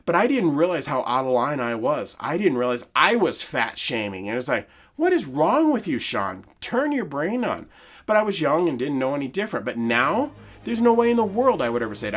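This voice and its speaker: A man's voice: on the high side, fairly bright tone. A man in his forties hosting a podcast, talking earnestly and emphatically in a personal monologue, with frequent restarts. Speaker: podcast host.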